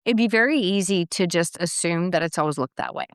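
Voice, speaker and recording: A woman hosting a podcast interview, responding warmly and affirming her guest in casual conversation. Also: on the low side, brisk, clear, resonant tone, no echo, studio quality. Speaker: podcast host.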